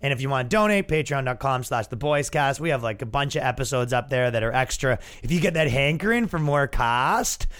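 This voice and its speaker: A man's voice: mid-range voice, lively intonation, brisk, hardly any pauses, a bit bright. Sarcastic Canadian man ranting. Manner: sarcastic, profane, rambling. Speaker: podcast host. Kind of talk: crude comedic podcast rant.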